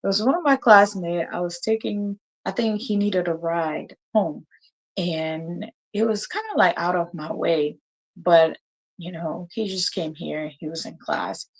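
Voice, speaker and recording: A woman's voice: fairly low pitch, unhurried, poor audio. A woman in her thirties hosting a casual live chat, telling a story with laughter and acted-out quotes. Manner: animated, laughing, acts out quotes. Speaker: host.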